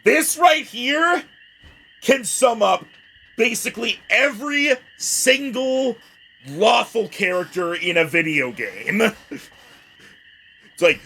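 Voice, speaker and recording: A man commenting on a video game he plays, joking with loud outbursts. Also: high voice, slow pace, vocal fry, pauses often, slightly rough, poor audio. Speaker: gaming streamer. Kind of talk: let's play commentary. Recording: steady background noise.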